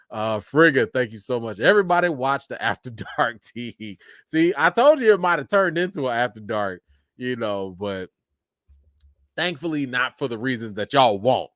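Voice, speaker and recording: A man's voice: mid-range voice, no room sound, clean studio sound. A man hosting a casual live stream, reading viewer comments aloud and thanking each viewer, with frequent laughs and big rises in his voice. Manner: animated, laughs often, thanks viewers one by one. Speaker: livestream host.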